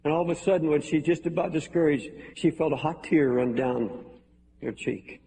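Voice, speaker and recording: A man's voice: on the high side, moderate pace, vocal fry, warm tone, a little hiss or hum. A man preaching a sermon as pastor, earnest and pleading, with emphatic repetition, recorded live in a large church hall. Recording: live sermon in a reverberant hall, faint music.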